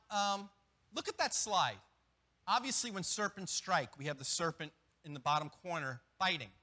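A man preaching a sermon as pastor, animated, with quick restarts and acted-out asides. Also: sits high. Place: church.

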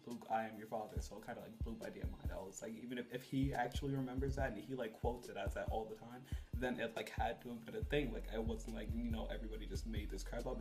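A man's voice: medium pitch, a little mellow. A young man vlogging from his bedroom, rambling and swearing, with "like" in nearly every sentence. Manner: rambling, swears a lot, frequent "like". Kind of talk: casual chat to camera. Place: bedroom decorated for Christmas.

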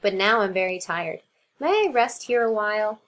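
A woman's voice: mid-range voice, expressive, moderate pace, a bit bright, a little hiss or hum, natural voice. A woman voicing a small, eager young male mouse in a storybook read-aloud, talking earnestly.

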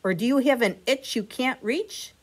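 Woman doing a high earnest little boy. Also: normal speed, slightly rough. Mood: worried. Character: pleading excited little boy.

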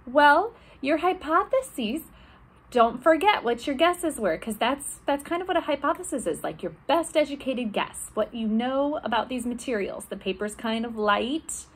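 A woman librarian leading a children's storytime, talking gently and asking the kids questions. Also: sits high, expressive, normal speed, breathy edge.

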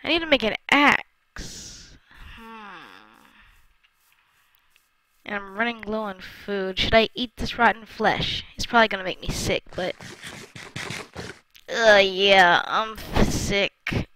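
A woman's voice: medium pitch, slow pace, long pauses, bright, forceful tone, a little hiss or hum, rough recording. A woman giving chatty let's-play commentary while gaming, talking to her viewers with frequent exclamations. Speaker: gamer.

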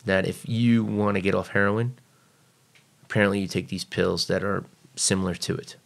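A man's voice: low-pitched, steady tone, normal speed, creaky. A man guest on a podcast, telling a personal story casually and bluntly, swearing freely. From United States.

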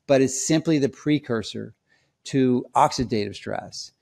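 A man of ordinary pitch gives a health explainer in an emphatic, lecturing tone. He stresses key points and repeats them so they sink in. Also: unhurried, vocal fry, darkish tone. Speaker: health commentator. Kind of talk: direct-to-camera explainer.

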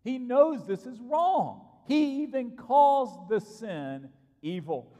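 Guy preaching a sermon, high voice that swings all over, big echo off the church walls. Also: very animated, slow pace, dark tone. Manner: emphatic, repeats key phrases for stress. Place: church sanctuary. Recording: long reverb from a church hall.

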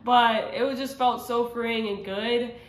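A woman's voice: on the high side, steady tone, measured pace. A woman sharing a personal faith testimony in casual, earnest talk, rambling with many fillers and restarts. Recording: roomy echo.

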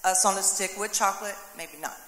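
A woman's voice: mid-range voice, brisk, a bit bright, slight background noise. A woman pastor preaching a sermon, voicing prayers and quotes dramatically. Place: church sanctuary. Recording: echoey hall with long reverb.

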